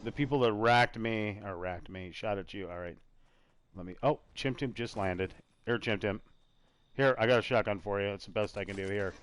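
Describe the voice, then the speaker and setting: A man's voice: lowish voice, normal speed. A man hosts a casual live gaming broadcast, talking loosely while he plays. He swears freely and drifts between game calls and stories. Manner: casual, swears, tries silly accents. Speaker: podcast host and gamer. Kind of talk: casual chat while playing.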